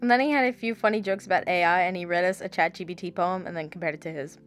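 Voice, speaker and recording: A woman's voice: fairly low pitch, fast talker, soft background music. A young woman in her late teens narrating her vlog in a chatty, gushing way. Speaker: vlogger.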